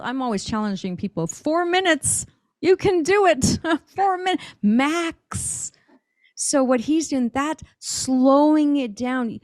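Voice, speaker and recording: A middle-aged woman with a high voice talks with eager emphasis as a podcast guest. She is a drum teacher who laughs easily. Her voice sounds dry and close, with no room around it. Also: no room sound. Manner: enthusiastic, emphatic, laughs often. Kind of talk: podcast interview.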